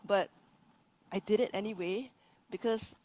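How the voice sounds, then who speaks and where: Brief: coach, woman, earnest and animated, restarts her sentences, mid-pitched voice. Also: a little slow. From Singapore. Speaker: business coach. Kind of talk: live-stream interview guest.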